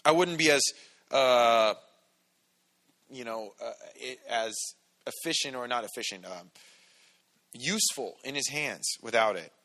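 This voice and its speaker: A man preaching a conversational, animated sermon to a congregation, acting out quotes as he goes. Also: medium pitch, a little slow, long pauses. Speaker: pastor. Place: church hall with congregation.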